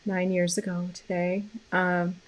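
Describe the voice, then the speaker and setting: A woman hosting a live stream about animal communication, talking casually and softly, rambling with many fillers and restarts. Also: on the low side, monotone, unhurried.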